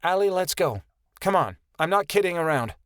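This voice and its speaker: A bold young princess, as a male narrator puts her on, brisk and self-assured. Her voice sits above his usual pitch and moves lively. The recording is close and dry. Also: clear, resonant tone, dry recording. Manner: brisk, confident.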